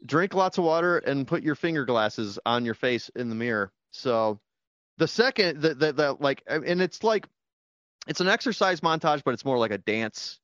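A man's voice: medium pitch, moderate pace, no room sound, lo-fi sound. A man co-hosting a podcast, chatting casually and rambling about a movie he loves. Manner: rambling, animated, quotes movie lines in put-on voices. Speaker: podcast co-host. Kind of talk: casual movie-review chat.

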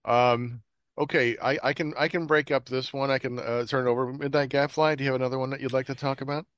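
A man's voice: medium pitch, fairly even intonation, quick pace, a bit bright, smooth, dry recording. A man hosting a casual podcast chat about bad movies, rambling with lots of fillers. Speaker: podcast host.

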